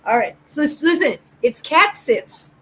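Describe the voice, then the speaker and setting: A woman's voice: high-pitched, expressive, a little slow, pushed and bright. A woman co-hosting a casual live stream, teasing and joking. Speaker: co-host.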